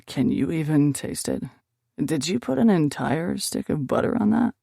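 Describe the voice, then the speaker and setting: A woman's voice: sits low, lively intonation, normal speed, creaky, warm tone, breathy edge, no room sound, studio quality, exaggerated voice. A woman voicing a burly young male fighter who asks teasing, incredulous questions in an audiobook.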